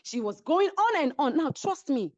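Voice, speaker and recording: Lively high-voiced Nigerian woman. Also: normal speed, no echo, dull audio. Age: middle-aged. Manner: dramatic, keeps asking "do you understand?". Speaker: reality show cast member guest. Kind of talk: animated storytelling in an interview. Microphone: remote call.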